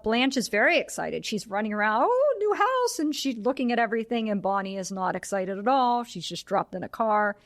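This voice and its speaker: A woman of middling pitch co-hosts a casual film podcast. She retells scene after scene in a chatty way and slips into quick quoted lines from the characters. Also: no echo. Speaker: podcast co-host.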